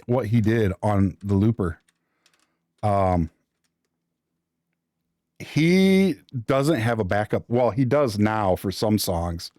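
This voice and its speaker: A man's voice: medium pitch, mellow, no room sound, clean studio sound. A man casually chatting with his viewers during a live stream, joking and thinking aloud while he builds.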